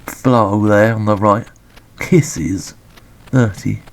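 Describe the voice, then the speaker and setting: A man giving sweary, deadpan, sarcastic commentary on a retro game. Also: on the low side, very slow.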